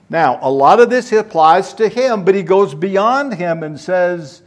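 A man's voice: sits high, expressive, unhurried, few pauses. A man preaching a sermon, teaching verse by verse and putting questions to his listeners. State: out of breath.

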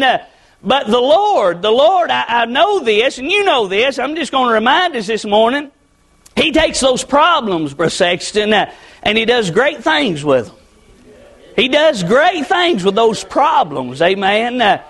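A man preaching in a very high voice for a male speaker. His manner is folksy and plainspoken. He repeats his phrases and tags "amen" onto his points as he talks to the congregation. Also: sing-song, a little slow, fairly bright tone. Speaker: pastor. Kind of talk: folksy conversational sermon. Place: church sanctuary with a congregation.

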